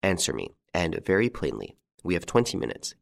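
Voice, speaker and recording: A man playing a calm, masterful gentleman rescuer, courteous and commanding. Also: deep voice, a little fast, vocal fry, full character voice.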